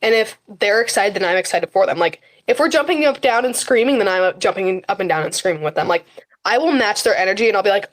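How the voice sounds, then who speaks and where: A woman's voice: mid-range voice, lively intonation, fast talker. A teenage girl talking as a podcast guest in a casual interview, chatty and full of fillers, often acting out her own words to others. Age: high school teen. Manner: chatty, frequent fillers and quoted self-talk. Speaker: guest, high school runner.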